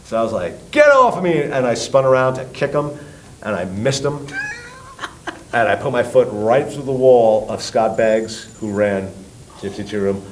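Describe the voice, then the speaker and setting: A middle-aged man from New York with a New York accent, a guest telling a story with loud acted-out quotes and swearing. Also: on the low side, measured pace, slight background noise, rough recording. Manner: lively, acts out quotes loudly, swears. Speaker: guest, tribute band singer. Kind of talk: animated storytelling.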